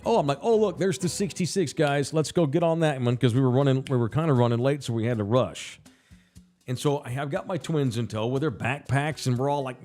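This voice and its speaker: Male podcast host, animated, profane storyteller, lively pitch, voices the other people himself. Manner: acts out other people's lines in a shifting voice; profane and emphatic.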